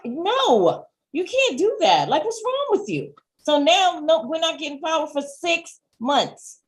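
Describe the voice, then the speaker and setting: A woman's voice: high voice, very animated, a little slow. A woman co-hosting a casual review chat, emphatic and opinionated. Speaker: co-host.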